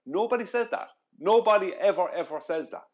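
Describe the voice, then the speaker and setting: A man's voice: sits high, lively intonation, brisk, lo-fi sound. A man with an Irish accent making long, argumentative points in a casual online debate chat.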